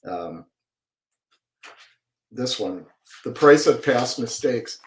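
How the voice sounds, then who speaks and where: A man with a Wisconsin accent talking reflectively and at length in a casual conversation, with drawn-out vowels. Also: medium pitch, lively intonation, slight background noise. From Wisconsin, USA. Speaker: guest artist. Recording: roomy echo.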